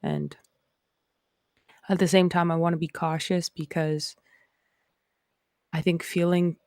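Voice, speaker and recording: A woman's voice: lowish voice, flat delivery, slow, a little mellow, no echo. A woman from Canada with a Canadian accent, hosting a casual livestream chat in a rambling, reflective way. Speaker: host.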